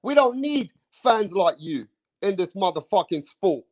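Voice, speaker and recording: A man rants into the camera in a high-pitched voice. He is fired up and swears freely. He hammers the same points over and over. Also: big pitch swings, a little slow, a little mellow. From England. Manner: fired-up, profane, repeats himself, keeps saying bro. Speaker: boxing channel host. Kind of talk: heated opinion rant to camera.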